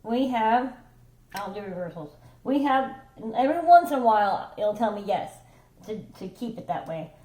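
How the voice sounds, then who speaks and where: A woman with a fairly high, animated voice and a dark tone gives a casual tarot reading at a moderate pace. She rambles conversationally, swears offhandedly, and keeps checking in with "okay?" and "right?" The room she's in is noticeably echoey.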